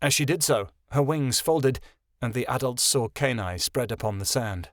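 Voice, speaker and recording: A man's voice: medium pitch, moderate pace, fairly bright tone, dry recording, studio quality. Man narrating a fantasy audiobook. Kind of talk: scripted narration.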